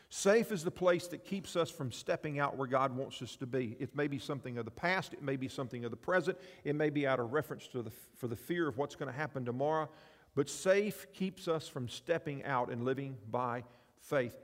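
Male preacher, fairly high voice, chatty sermon delivery, long hall reverb. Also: lively intonation, moderate pace. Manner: conversational, rhetorical questions.

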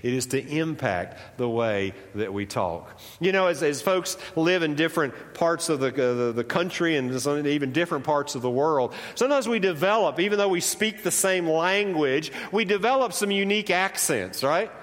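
An American man with a slight Southern drawl, a pastor preaching a sermon in a conversational, animated way that swings up and down. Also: a little high, moderate pace, few pauses. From United States. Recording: long reverb of a church hall.

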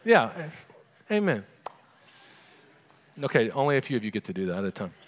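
A man's voice: mid-range voice, sing-song, moderate pace, in a large hall. A pastor preaching a sermon in a conversational way, asking his congregation questions.

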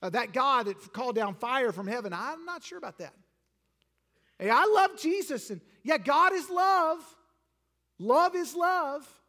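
A pastor mocking a breezy churchgoer. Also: male voice, very high voice, animated, a little slow, sharp tone, voice pushed up, heavily acted. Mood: glib. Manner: breezy, glib and dismissive. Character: breezy self-assured religious man. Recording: long hall reverb.

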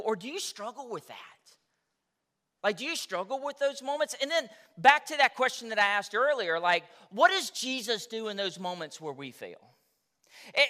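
A male pastor preaches a sermon in a casual, storytelling way, addressing the congregation as "y'all." His voice sits high with a sharp tone.

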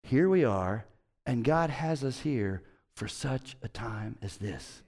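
A middle-aged man preaching a sermon as pastor, conversational and emphatic, swinging between loud and quiet. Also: mid-range voice, lively intonation, slow pace, slightly rough.

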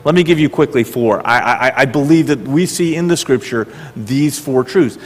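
A middle-aged man preaching a sermon as pastor, animated and full of rhetorical questions, often repeating his words. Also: mid-range voice, normal speed. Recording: reverberant hall.

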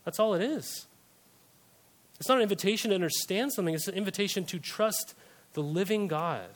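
A young man delivers a church sermon in a conversational way, checking in with his listeners through rhetorical questions. His voice sits on the higher side for a man. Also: brisk. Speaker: pastor. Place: church service.

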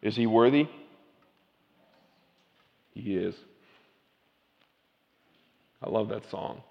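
A man's voice: lowish voice, drawn-out words, vocal fry, long reverb tail, dull audio. A man preaching a sermon, moving between casual asides and emphatic scripture reading. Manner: reads scripture with rising, emphatic intensity.

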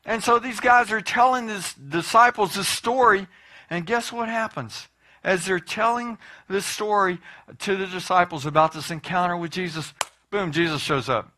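A male pastor preaching a sermon in a conversational, animated storytelling way, with frequent asides to the congregation. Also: sits high, normal speed.

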